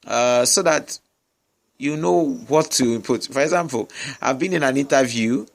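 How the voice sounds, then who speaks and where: Brief: male public speaking coach, mid-pitched voice, repeats himself for emphasis, webinar talk. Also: moderate pace. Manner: emphatic, repeats key phrases, frequent "I get me?" check-ins. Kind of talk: webinar teaching. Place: noisy surroundings with distractions.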